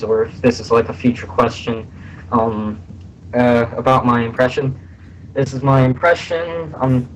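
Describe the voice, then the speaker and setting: Hesitant young man, slightly hoarse. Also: mid-range voice, muffled recording, a little hiss or hum. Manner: halting, many fillers and restarts. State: slightly hoarse, a little sick. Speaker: voice actor guest. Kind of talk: casual interview on a voice call. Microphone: voice call.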